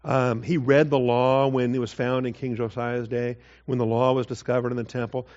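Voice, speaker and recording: Man, Bible teacher, conversational sermon, mid-pitched voice, slightly dull recording. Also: little pitch movement, normal speed, a little mellow. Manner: conversational, with asides and acted quotes.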